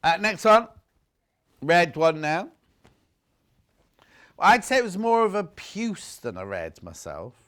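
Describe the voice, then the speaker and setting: A man's voice: sits high, big pitch swings, slow pace, pauses often, fairly bright tone. A man presenting fabrics on a live shopping channel, chatting and joking casually and reading out viewer messages. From United Kingdom. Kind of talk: casual live sales chat.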